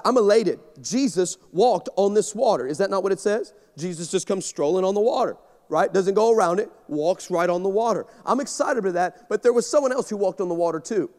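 A guest pastor preaching with animated, rapid storytelling, acting out every line of dialogue. His voice sits high for a man, and the echo of a large church hall trails behind each phrase. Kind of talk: sermon with storytelling. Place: church sanctuary.

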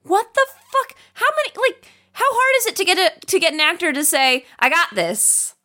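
A woman's voice: very high-pitched, big pitch swings, moderate pace, pushed and bright. A woman co-hosting a podcast, chatting casually about a film with blunt, sarcastic and profane remarks. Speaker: podcast co-host.

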